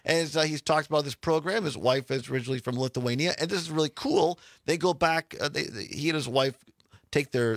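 A man's voice: mid-range voice, vocal fry, no echo, clean studio sound. A man hosting a radio talk show, chatting loosely and laughing often, with many restarts. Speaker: radio host. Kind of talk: casual radio chat. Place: radio studio.

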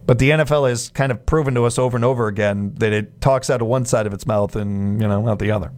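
A man's voice: medium pitch, fast, a little mellow, slight background noise. Male sports radio host, casual and jokey, mid-range voice, stumbles and restarts often. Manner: chatty, jokey asides, frequent restarts.

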